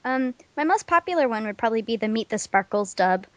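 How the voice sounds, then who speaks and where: A woman's voice: on the high side, expressive, brisk, no room sound. Giggly young woman in casual interview. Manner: giggly, laughs often. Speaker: guest voice actress.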